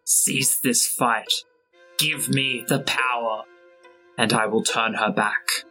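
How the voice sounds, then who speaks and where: A man voicing a sinister being who bargains slowly and coaxingly in a tabletop game. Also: medium pitch, steady tone, bright, forceful tone, faint music behind, rough recording.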